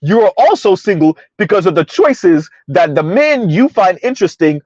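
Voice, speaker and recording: A man's voice: high-pitched, big pitch swings, normal speed, darkish tone, no echo, dull audio. A man doing casual, rambling commentary on a live stream, reading out chat messages as he goes. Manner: rambling, conversational, reads chat aloud.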